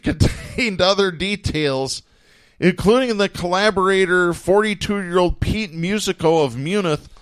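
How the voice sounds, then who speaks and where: A higher-pitched man hosts a political talk show and reads news stories aloud with a dry, sardonic edge. He chuckles now and then as he reads. The sound is close and dry, with no room in it. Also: no room sound. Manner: sardonic, chuckles while reading. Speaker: podcast host.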